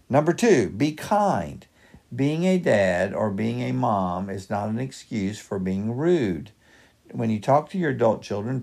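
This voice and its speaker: A man's voice: mid-range voice, creaky, darkish tone. A middle-aged man hosting a devotional podcast, giving earnest, practical advice point by point. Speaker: podcast host and pastor.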